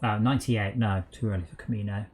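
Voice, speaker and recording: A man's voice: lowish voice, fairly even intonation, fast, darkish tone. A man hosting a casual gaming stream, chatting and rambling aloud with lots of fillers while he sorts out game problems.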